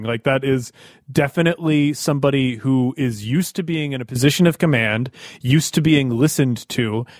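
A man's voice: on the high side, dry recording, clean studio sound. A man co-hosting a podcast, encouraging and coaching the others in casual chat.

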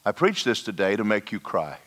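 Low-voiced man preaching a testimony. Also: very animated, a little fast, a little hiss or hum. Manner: storytelling, dropping to a hushed voice for emphasis. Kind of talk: sermon with personal testimony. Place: church hall.

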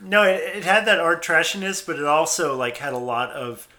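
A man co-hosting a film podcast, talking in a relaxed, agreeable way that often trails off. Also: a little high, moderate pace. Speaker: podcast co-host, film reviewer. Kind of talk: casual chat.

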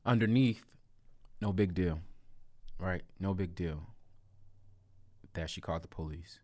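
Man, very deep voice, casual storytelling, emphatic, dry close sound. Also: unhurried, dry recording. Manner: animated, emphatic, repetitive asides. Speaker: storyteller vlogger. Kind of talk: casual first-person storytelling.

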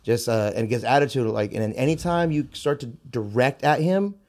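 A young adult man in a relaxed podcast conversation, speaking at an average pitch. He tells stories candidly and loosely, often repeating a phrase as he works through a thought. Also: moderate pace. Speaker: martial arts instructor.

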